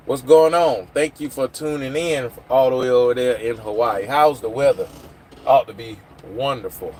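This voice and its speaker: A man chatting on a phone livestream, his voice at an ordinary middle pitch. He rambles loosely and answers viewer comments as they come in. Faint traffic hum sits behind him. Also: normal speed, a little mellow. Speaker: livestream host. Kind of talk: casual live chat with viewers.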